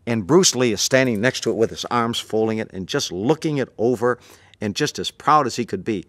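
A man, a martial arts instructor, telling an anecdote in an animated way and acting out the voices. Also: medium pitch, a little fast, dry recording. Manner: animated, acts out the voices in his story. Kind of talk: anecdotal storytelling.

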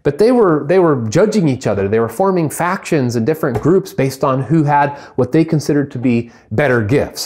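Animated man preaching a sermon. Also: medium pitch, moderate pace, few pauses. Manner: animated preaching, acts out comic voices. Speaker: pastor.

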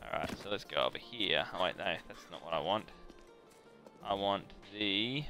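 An excitable man streams a video game from home, talking into a headset with a bright, forward voice. He jokes and pokes fun at himself as he plays. Faint music sits behind him. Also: low voice, moderate pace. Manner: excitable, joking, self-deprecating. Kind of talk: casual live-stream chat.

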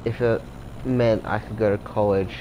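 A man's voice: lowish voice, steady tone, moderate pace, warm tone, slight background noise, lightly acted, poor audio. A man voicing a curt, bitter young female crocodile in a video game, scolding in a dry tone.

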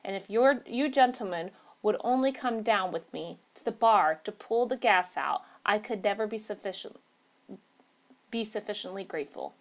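A man's voice: high-pitched, moderate pace, dull audio. A woman reading the part of a fearful, deferential male inn waiter who speaks solemnly and fervently.

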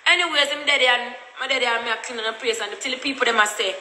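A woman's voice: a little high, racing, sharp tone, reverberant, poor audio. A woman with a Jamaican accent telling a story in a blunt, repetitive, cussing rant. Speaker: vlogger.

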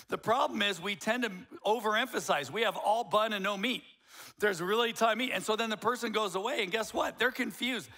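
A male pastor in his fifties delivering a sermon in a blunt, emphatic way. He lands his points with wry humor. His voice sits fairly high for a man, and his tone is bright and forceful.

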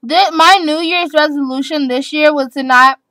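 A woman's voice: sits high, moderate pace, sharp tone, no room sound. An eleven-year-old girl chatting casually on her vlog, giggly and rambling, repeating herself as she answers tag questions. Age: child, eleven. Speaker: vlogger.

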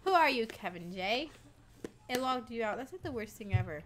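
A woman's voice: a little high, expressive, normal speed, noisy background. A woman streaming games, chatting casually and giggling, greeting viewers by name. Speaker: game streamer. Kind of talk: casual live-stream chat.

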